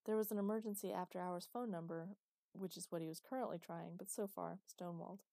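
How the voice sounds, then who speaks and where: A woman narrating an audiobook with steady, expressive storytelling. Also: fairly low pitch, fast talker, creaky, no echo, studio quality.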